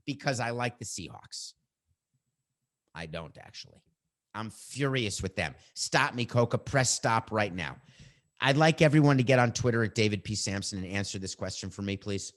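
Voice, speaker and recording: A middle-aged sports podcast host airs his opinions combatively and with animation, trading banter with his producer. He speaks in a mid-range voice.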